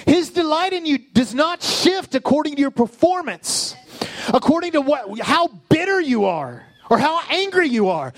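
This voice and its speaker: A male pastor preaching a sermon with passion, building up and then dropping into soft, low asides. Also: dry recording. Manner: impassioned preaching with sudden soft, low drops.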